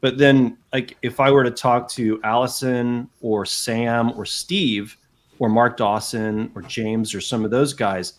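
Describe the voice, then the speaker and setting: A man, a guest telling animated anecdotes in a casual chat, with frequent asides. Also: medium pitch, measured pace. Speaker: guest author. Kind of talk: casual storytelling.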